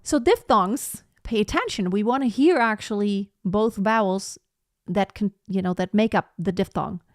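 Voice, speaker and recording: A woman teaching a live online singing lesson, explaining slowly and breaking off to sing short phrases as demonstrations. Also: medium pitch, dry recording, clean studio sound.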